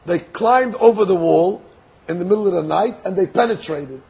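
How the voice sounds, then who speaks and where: A man with a high, gravelly and very raspy voice tells a sermon story with lively energy. He acts out the characters' lines as he goes. The recording is dull and lo-fi. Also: normal speed. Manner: animated storytelling, acts out dialogue, repeats phrases.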